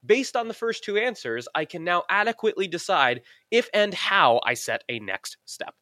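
A man with a high, bright voice and a lively, bouncing delivery. He reads a scripted sales tip, punching out numbered points, recorded close and completely dry. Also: normal speed, dry recording. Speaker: sponsored tip presenter.

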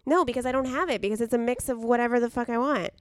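A woman's voice: fairly high pitch, very fast, no echo, studio quality. A young woman co-hosting a podcast in casual chat, blunt and opinionated, swearing freely. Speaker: podcast co-host.

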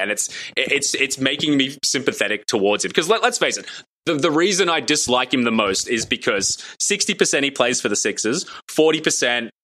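A man's voice: medium pitch, bright, forceful tone. A man co-hosting a casual sports podcast, giving strong opinions and often restarting his phrases. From Australia. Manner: stammering restarts, emphatic opinions. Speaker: podcast co-host. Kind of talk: casual chat.

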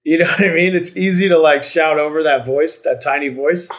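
A man's voice: fairly high pitch, a little fast, fairly bright tone. A man in casual podcast chat, talking in a reflective, rambling way with many restarts and fillers.

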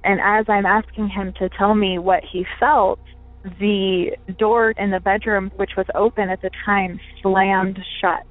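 A woman's voice: mid-range voice, little pitch movement, unhurried, no room sound. A woman calling in to tell her own paranormal story, chatty and full of fillers and restarts. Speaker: caller telling a ghost story. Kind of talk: recorded personal story. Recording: tinny phone-line recording.

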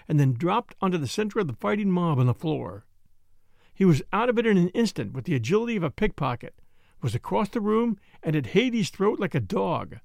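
A man reading a story aloud as an audiobook narrator, with dramatic, expressive delivery. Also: high voice, vocal fry, dry recording, studio quality.

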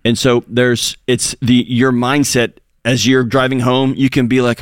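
Animated storytelling male co-host. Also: medium pitch, measured pace, smooth, no room sound, clean studio sound. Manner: animated storyteller, acts out quotes. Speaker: radio co-host. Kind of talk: call-in radio advice talk.

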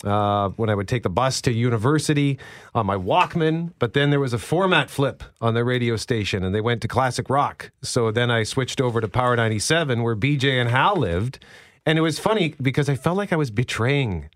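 A young adult man, a radio host who chats casually on air, upbeat and quick to laugh. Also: mid-range voice, animated. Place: radio studio.

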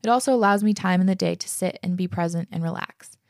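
A woman's voice: on the low side, fast talker, a little mellow, dry recording, studio quality. A young woman hosting a casual podcast, reading listener letters aloud and chatting about them, enthusiastic and swearing freely. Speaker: podcast host.

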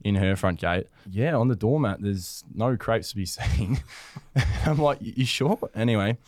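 A man's voice: lowish voice, animated, moderate pace, darkish tone, no room sound, clean studio sound. A man telling a casual story in a rambling way, full of ums. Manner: rambling, with many ums and laughs. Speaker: podcast guest storyteller.

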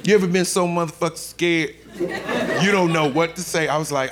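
A man doing a profane, animated stand-up comedy set in front of a live audience, acting out the people in his stories. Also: on the high side, moderate pace, very noisy. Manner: animated storytelling, profane, acts out characters. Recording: live club set with loud crowd laughter.

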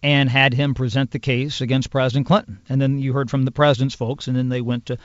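A man who is a congressional news producer, explaining in a measured, detailed way as a podcast guest. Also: medium pitch, little pitch movement, dry recording. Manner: measured, explanatory, piles up clauses and examples. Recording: dull lo-fi sound.

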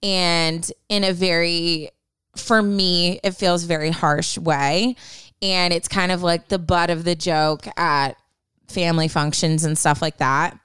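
A woman's voice: on the low side, fairly even intonation, slow pace, a bit bright, clear, resonant tone, dry recording. A young woman in casual chat, giving candid advice with lots of fillers. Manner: candid, chatty, many fillers.

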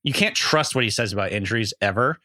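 Bright-voiced man explaining fantasy football. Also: lowish voice, expressive, fast talker, dry recording, clean studio sound. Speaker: podcast co-host, fantasy analyst. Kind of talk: casual sports chat.

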